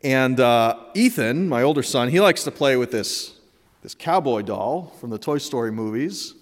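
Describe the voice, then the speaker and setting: A man's voice: medium pitch, animated, normal speed. A man in his thirties telling a personal story with candid, humorous asides. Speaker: speaker. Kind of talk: personal reflective talk. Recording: echoey hall.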